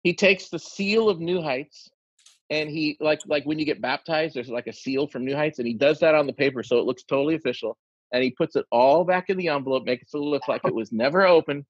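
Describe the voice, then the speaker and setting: A man's voice: a little high, brisk, breathy edge, no room sound, muffled recording. A man telling a long funny story among friends, acting out the quoted lines with energy. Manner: animated anecdote teller, acts out quoted lines.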